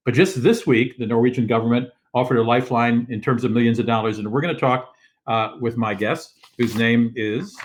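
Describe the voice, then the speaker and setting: An older man hosts a casual travel show from his living room over a video call. He rambles along in a mid-pitched voice, full of fillers and restarts. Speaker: host. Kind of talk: casual live-stream talk. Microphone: video call setup.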